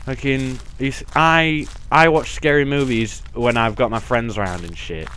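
A man's voice: mid-range voice, fairly even intonation, unhurried, hardly any pauses, fairly bright tone, smooth. A young man playing a horror game, swearing constantly and breaking into panicky outbursts. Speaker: gaming channel host. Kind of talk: let's play commentary.

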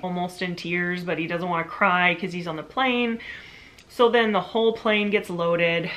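A woman in her thirties, a mother casually recounting a story in her vlog, chatty and full of "like". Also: on the low side. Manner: chatty, lots of "like", animated retelling. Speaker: vlogger, mother.

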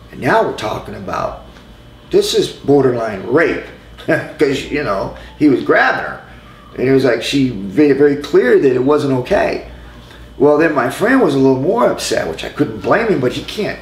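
A middle-aged man telling an anecdote as an interview guest, in a loose, halting way with lots of "you know" asides. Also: medium pitch. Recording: roomy with faint ambient noise.

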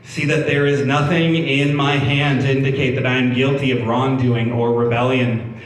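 A male pastor with a mid-range voice reads scripture and explains it in a sermon, speaking at normal speed in a level tone. His delivery is conversational, full of restarts and repeated words. He's recorded from a distance in an echoey church hall with a faint hum in the background.

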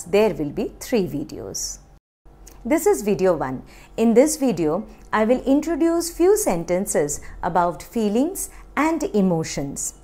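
A woman's voice: medium pitch, a little mellow. A woman teaching a kindergarten class in Indian English, asking the children many questions and having them repeat each word after her. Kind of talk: slow, sing-song teaching to young children.

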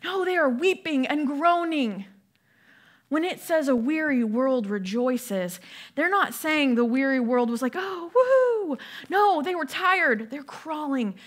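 A woman's voice: sits high, animated, a little slow. Woman preaching a conversational sermon. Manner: conversational preaching with rhetorical questions. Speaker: pastor. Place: church.

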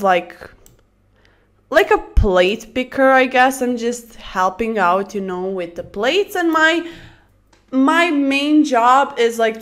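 A young woman chatting casually about her day while playing blitz chess, rambling through stories and bursting out excitedly over her moves. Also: a little high. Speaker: chess streamer.

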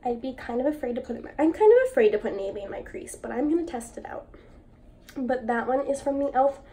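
A woman's voice: high-pitched, lively intonation, quick pace, mellow. A young woman chatting casually as a beauty vlogger, enthusiastic and full of "like" fillers, recorded at home. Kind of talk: casual chat while swatching makeup.

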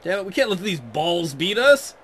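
A man with a high, bright voice riffs through a football video game with crude, excitable jokes. His pitch swings all over the place as he shouts at the players and then mutters quietly. A faint hiss sits under the voice. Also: normal speed. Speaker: Let's Play gamer. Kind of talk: casual gameplay commentary.

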